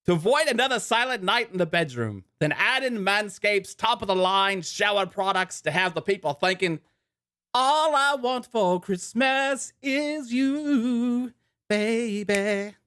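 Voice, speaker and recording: Man doing a high, jolly fake British ad voice, wobbling toward Australian, overly cheerful announcer. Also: animated, brisk, few pauses, bright, forceful tone, heavily acted. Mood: jolly salesy. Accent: put-on British slipping into Australian. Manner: overly cheerful ad read, breaks into laughter. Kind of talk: comic sponsor read.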